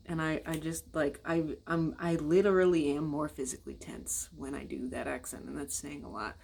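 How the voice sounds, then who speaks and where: A woman's voice: low-pitched, moderate pace, creaky, hardly any pauses, darkish tone, slightly rough. An American woman vlogging in casual, blunt, rambling talk, swearing and speaking straight to her viewers. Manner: blunt, rambling and profane, addresses viewers directly.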